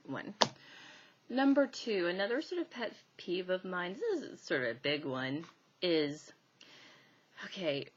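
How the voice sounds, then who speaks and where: A woman's voice: fairly low pitch, very animated, unhurried, long pauses, dull audio, slight background noise. A woman hypnosis instructor teaching in a casual, chatty way, laughing often and using many fillers. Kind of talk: casual teaching talk to camera.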